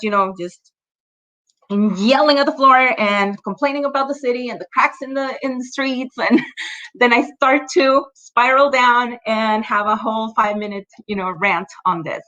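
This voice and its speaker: A woman's voice: a little high, bright, forceful tone, muffled recording. A woman leading an online training for parents, talking conversationally, checking in often with "right?" and "you know" and laughing lightly between examples.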